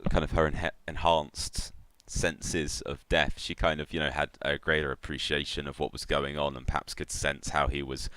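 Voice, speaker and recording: A man with a very deep, smooth, resonant voice narrates a tabletop role-playing game in a relaxed, meandering way, pausing on fillers. The sound is dry and close to the mic. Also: no echo. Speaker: game master.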